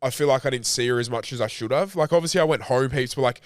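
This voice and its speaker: A man's voice: mid-range voice, fast talker, dry recording. Man, podcast co-host, emotional rambling story, swears a lot, dry close sound. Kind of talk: casual podcast chat.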